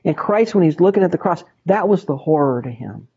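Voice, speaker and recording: A man's voice: on the high side, expressive, brisk, mellow, breathy edge. A man teaching a Bible study in an emphatic way, repeating words for stress. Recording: dull lo-fi recording.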